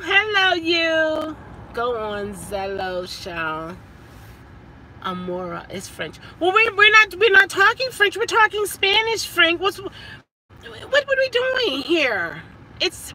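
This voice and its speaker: Woman, casual vlogger in car, bright voice, slow and lively, stumbling, faint road noise. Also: sits high, low-quality recording. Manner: chatty, animated, stumbling over words. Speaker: vlogger and rideshare driver. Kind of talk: casual chat.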